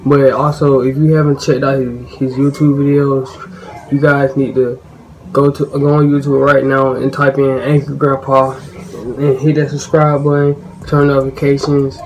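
A man's voice: medium pitch, level tone, measured pace, slight background noise, rough recording. A man vlogging in a casual, filler-heavy way. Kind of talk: casual vlog intro.

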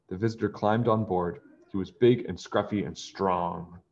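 A man reading a children's pirate story aloud, expressive, with chatty asides to young listeners. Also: low-pitched, moderate pace, highs cut off, a little hiss or hum. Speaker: children's book reader.

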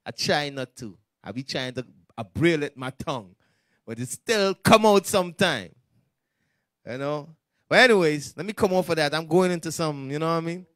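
A man leading a street-style Bible lesson in slangy, animated talk, acting out the voices of the people in the text. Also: fairly high pitch, moderate pace, no room sound, studio quality. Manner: slangy, animated, acts out quoted speech. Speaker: Bible study teacher.

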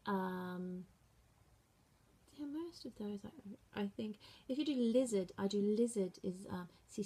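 A woman teacher talks through animal signs at an unhurried pace, naming each one aloud as she demonstrates. Her voice is husky with a gravelly edge. She sounds patient and steady throughout. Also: medium pitch. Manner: slow and patient, saying each sign word aloud. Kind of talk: sign language lesson. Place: school room.

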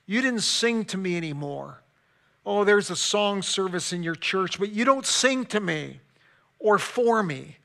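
A male pastor preaching a sermon dramatically, swinging from loud emphasis to hushed, quiet stretches. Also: high-pitched, animated, measured pace, vocal fry.

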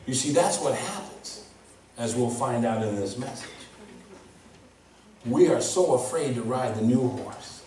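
A male pastor preaching a sermon, telling a story with lively, laughing delivery. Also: mid-range voice, measured pace, long pauses, a little hiss or hum. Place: church. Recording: echoey hall from far off.

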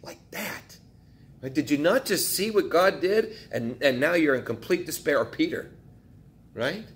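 A man's voice: on the high side, expressive, moderate pace, a little hiss or hum. A male pastor preaching a sermon in a conversational way, asking his listeners questions and acting out quotes from the text.

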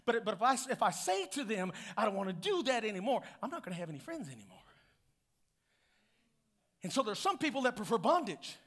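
A male pastor preaching a sermon in a call-and-response style, swinging from hushed lines to shouted ones. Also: high voice, sing-song, a little fast.

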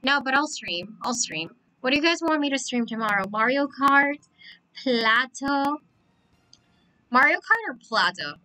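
A young woman live-streaming a racing game, talking with the chat and repeating excited exclamations as she plays. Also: high-pitched, unhurried, slight background noise, rough recording. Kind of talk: excited gameplay commentary.

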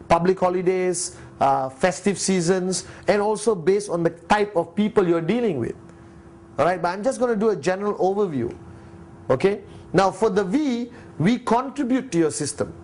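Guy, fairly high voice, blunt motivational talk, keeps firing questions. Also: darkish tone. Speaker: network marketing leader and motivational speaker.

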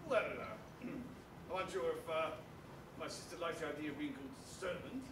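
A man's voice: fairly high pitch, expressive, moderate pace, lightly acted. A man on stage playing a blustering, pompous old army major, recorded in an echoey theatre from far off with some noise. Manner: plummy, bombastic, hesitant fillers. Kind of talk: amateur stage acting. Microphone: far camera. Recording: echoey hall from far off, noisy.

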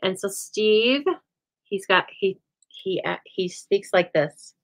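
A woman hosting a live stamping show from home, chatting and telling stories in an animated, rambling way. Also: mid-range voice, takes it slowly, low-quality recording. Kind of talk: chatty live crafting demo. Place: home craft room.

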